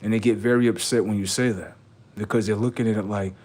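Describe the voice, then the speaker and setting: A man's voice: on the low side, steady tone, fast, darkish tone. A man hosting a livestream, ranting in a profane, mocking and repetitive way while reacting to videos. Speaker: livestream host.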